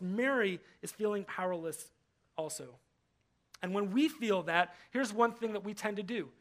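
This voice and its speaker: High-voiced animated male pastor preaching. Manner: animated, acts out quoted voices, repeats words when stressing a point. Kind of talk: sermon. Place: church hall.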